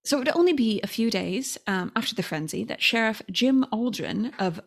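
Co-host, woman, Californian accent, lively gravelly delivery, casual true-crime storytelling. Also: a little high, normal speed. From United States. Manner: animated storytelling with playful impressions. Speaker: podcast co-host.

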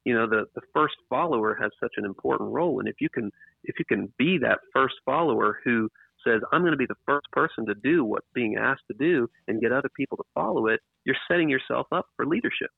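A man's voice: medium pitch, lively intonation, fast talker, gravelly, slightly rough, no room sound. A man being interviewed about his book, talking in a rambling way with restarts and emphatic repeats. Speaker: author and interview guest. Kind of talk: casual interview talk. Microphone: computer microphone. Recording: tinny phone-like line, dry.

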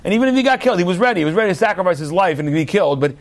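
A middle-aged man giving a sermon, telling stories with acted-out quotes in an animated way. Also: high-pitched, very fast.

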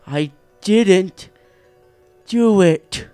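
Brief: sullen captive beast, voiced by a man, piercing whine, drawn-out, loud, faint music behind. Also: clean tone, no echo. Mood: insistent denial. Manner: shrill insistent whine, drawn out. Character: chained male beast, sullen, repeats denials.

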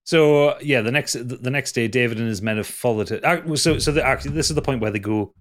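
A man's voice: mid-range voice, quick pace. Chatty man recapping a TV show. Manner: rambling, laughs often, frequent restarts. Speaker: podcast co-host. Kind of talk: casual podcast chat recapping a TV series.

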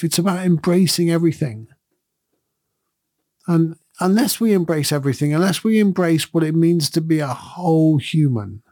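A man's voice: on the high side, a little mellow, no echo, studio quality. A middle-aged man, a podcast host, giving a thoughtful and earnest reflective monologue in a conversational way.

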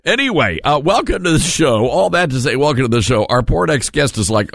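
A man's voice: fairly high pitch, very animated, a little fast, gravelly, a bit bright, no echo. A man hosting a conservative talk radio show from a studio, telling folksy joking stories with a froggy voice from the flu. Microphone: studio mic.

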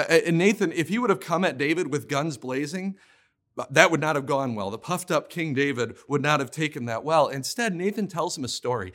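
A man preaching a sermon in an earnest, emphatic way, often restarting his words as he pushes a point home. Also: a little high. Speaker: pastor.

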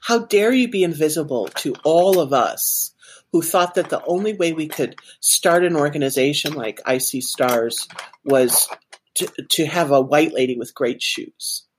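A woman voicing another woman who scolds her slowly and reproachfully. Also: low voice, a little hiss or hum. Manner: slow, reproachful. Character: stern woman scolding, adult.

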